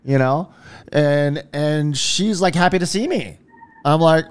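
A man's voice: on the high side, measured pace, smooth. A man in casual conversation, telling stories animatedly, acting out his own quotes and swearing freely.

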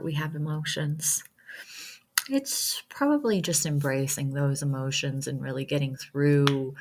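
A woman speaking to her viewers in a halting, emotional way, close to tears, as a spiritual vlogger reflecting on loss. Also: low voice. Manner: halting, emotional, with many pauses and fillers. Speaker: spiritual vlogger, self-described light worker. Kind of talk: casual reflective talk to viewers.

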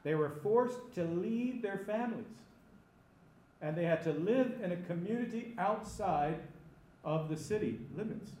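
A man preaching a sermon, emphatic, sometimes rising to loud cries. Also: high voice, expressive, measured pace, echoey room, slight background noise.

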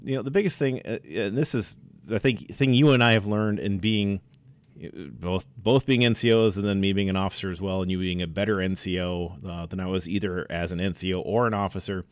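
A man co-hosting a casual sports podcast, talking in a relaxed, drawling way about coaching. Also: low-pitched, a little fast, no echo. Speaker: podcast co-host.

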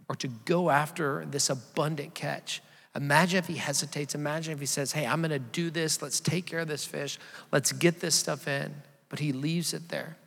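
A male pastor with a somewhat high, gravelly voice delivers a sermon in a relaxed, conversational way and invites the congregation to answer aloud. His voice carries a long reverb from a large church hall.

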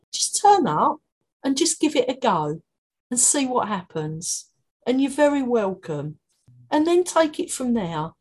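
Warm Cockney woman, calming and encouraging, podcast guest. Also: medium pitch. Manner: encouraging, laughs often. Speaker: guest, creative writing tutor. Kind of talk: podcast interview.

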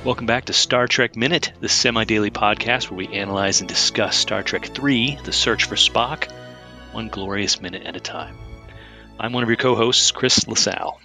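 A man's voice: on the low side, normal speed, music in the background. A man co-hosting a podcast in casual chat, rambling with many fillers and restarts. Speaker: podcast co-host.

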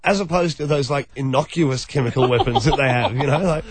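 A man, co-hosting a casual comedy radio show, riffing fast and laughing often. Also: mid-range voice, a crowd in the background. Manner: jokey, riffing, quick to laugh. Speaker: radio host. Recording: radio broadcast studio.

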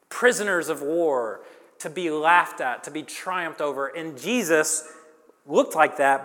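High-voiced preacher in a big hall. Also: male voice. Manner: dramatic, swings from loud to hushed, jokes with the congregation. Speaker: pastor. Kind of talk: sermon. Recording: long reverb of a large hall.

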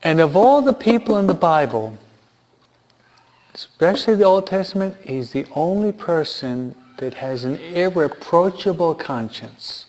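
A man's voice: fairly high pitch, expressive, unhurried, darkish tone. A man giving informal Bible teaching who asks his listeners rhetorical questions and repeats key points for emphasis. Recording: dull lo-fi recording.

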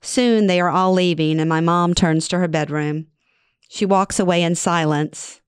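A woman's voice: on the low side, steady tone, normal speed, clear, resonant tone, no echo, studio quality. A woman hosting a podcast, telling her own family stories in a frank, wry way. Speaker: podcast host and storyteller. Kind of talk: first-person storytelling.

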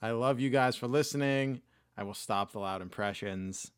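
Guy hosting a podcast, rambly and joking at himself, ordinary pitch. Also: normal speed, clear, resonant tone. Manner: rambling, self-mocking, bursts into loud voices. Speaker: podcast host. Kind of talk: casual chat.

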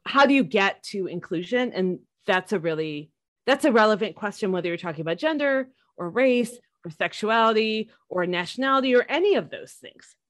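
A woman's voice: medium pitch, expressive, brisk, fairly bright tone, no room sound, studio quality. A woman from central Illinois, co-hosting a podcast in a chatty, enthusiastic way. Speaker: podcast co-host. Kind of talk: casual podcast conversation.

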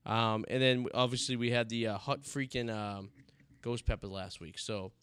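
A man co-hosts a casual talk show at a mid-range pitch, talking in a halting, chatty way full of fillers. He sounds teary and strained from extreme spicy heat, speaking into a studio mic. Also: fairly even intonation, fairly bright tone, smooth, dry recording. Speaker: podcast co-host. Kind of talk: casual chat during a hot chip challenge. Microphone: headphones and studio mic.

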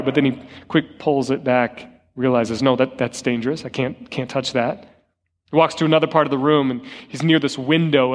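Middle-aged male pastor, higher-pitched voice, conversational sermon with rhetorical questions, long hall reverb. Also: fairly bright tone. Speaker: interim lead pastor. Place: church sanctuary.

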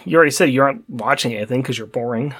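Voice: mid-range voice, rapid-fire, a bit bright, slightly rough. A podcast co-host chatting casually about shows, teasing the other host and steering the talk back on topic. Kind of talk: casual chat.

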